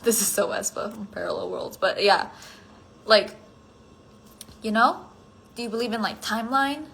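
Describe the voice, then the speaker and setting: This tired woman is livestreaming alone from her phone, responding to fans and wandering from thought to thought, stuffing her sentences with "like." She speaks at a moderate pace in a medium pitch with vocal fry, sometimes dropping almost to a whisper, and there's slight background noise.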